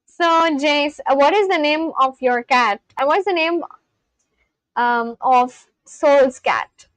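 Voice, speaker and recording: A woman's voice: high-pitched, expressive, slow, no echo. A woman from India, chatting casually on a livestream, reading and answering viewers' comments. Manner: chatty, reads and answers chat aloud, laughs often. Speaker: livestream host.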